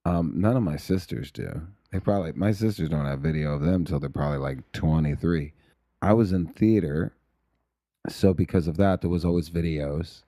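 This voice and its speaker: Low, mellow-voiced man in casual chat. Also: moderate pace, no room sound, clean studio sound. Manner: loose, self-mocking, chuckles often. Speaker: podcast guest.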